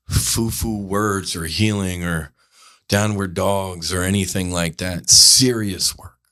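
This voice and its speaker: Bright-voiced earnest man, rambling host. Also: low-pitched. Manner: rambling, earnest, self-interrupting. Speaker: podcast host. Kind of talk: candid spiritual monologue.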